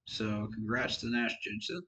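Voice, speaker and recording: A man's voice: medium pitch, big pitch swings, measured pace, creaky, pushed and bright, low-quality recording. A tired man giving casual, frank football commentary on his own channel, rambling and poking fun at himself. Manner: rambling, frank, self-deprecating. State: tired, yawning. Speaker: sports fan vlogger.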